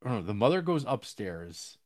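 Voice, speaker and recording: A man casually recapping a film's plot with rambling fillers and restarts, jumping up in pitch when he acts out characters' lines. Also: sing-song, brisk, a little mellow.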